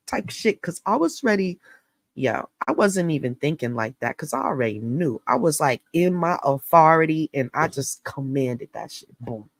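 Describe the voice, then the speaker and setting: A middle-aged woman from New York State, hosting an astrology channel and telling a story in a casual, animated, profane and slangy way. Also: deep voice, dry recording.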